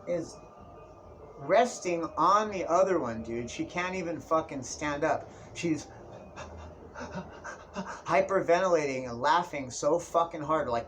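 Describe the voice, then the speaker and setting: A man's voice: on the high side, a bit bright, a little hiss or hum. A young man telling a comic story in a casual, profane way, peppered with dude and bro. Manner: profane, slangy, keeps saying dude and bro. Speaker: vlogger. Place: indoors, Tijuana area.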